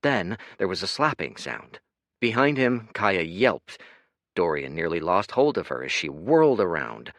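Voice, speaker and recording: A man narrating an audiobook in an expressive, dramatic reading. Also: deep voice, a little slow, no echo.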